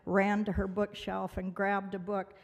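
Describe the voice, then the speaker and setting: A woman's gravelly voice, a little slow and flat in delivery, carries through a large gala banquet hall with long reverb. She is giving a heartfelt award speech, dramatically telling a personal story and acting out the voices of others.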